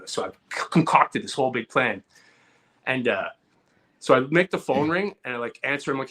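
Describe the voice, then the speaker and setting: A man co-hosting a comedy podcast, telling a story in a casual, animated way and acting out loud outbursts. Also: mid-range voice, brisk. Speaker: podcast co-host.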